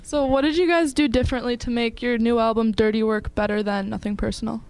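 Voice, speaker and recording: A woman's voice: fairly high pitch, fairly even intonation, quick pace, a little mellow, clean tone. A woman interviewer asking a band straightforward, polite questions backstage. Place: backstage at a music venue.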